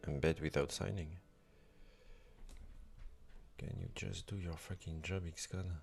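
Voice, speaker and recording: Man, gravelly, frustrated programmer muttering at his screen. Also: low voice, steady tone, slow, soft background music. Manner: frustrated, swearing at his tools. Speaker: developer live-coding on stream. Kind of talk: live-coding commentary.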